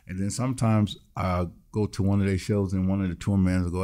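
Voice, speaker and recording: A man's voice: low-pitched, level tone, brisk, hardly any pauses, warm tone. A man, a musician guest in an interview, telling his story bluntly and acting out the voices of the people in it. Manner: blunt, swears freely.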